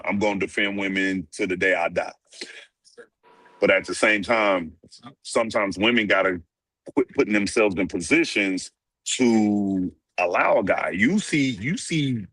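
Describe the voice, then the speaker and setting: A man's voice: fairly low pitch, fairly bright tone, husky, no room sound. A man co-hosting a sports podcast, talking casually and emphatically, often repeating words as he starts a point. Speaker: podcast co-host.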